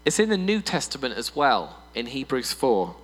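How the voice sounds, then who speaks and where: Male pastor, sermon, playful, lively pitch, long hall reverb, mains hum. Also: moderate pace. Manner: animated, playful, mimics voices for humor. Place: church hall.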